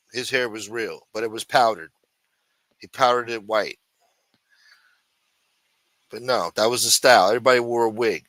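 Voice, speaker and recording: Man, livestream host, sarcastic and rambling, lots of swearing, bright crisp tone, dry close mic. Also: lowish voice, dry recording. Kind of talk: casual profane commentary.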